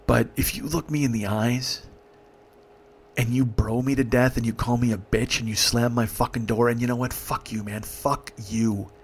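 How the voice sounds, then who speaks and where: A man's voice: medium pitch, steady tone, normal speed, slight background noise. Middle-aged male host, emphatic profane storyteller, mid-range voice. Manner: emphatic, heavy swearing, vivid retelling.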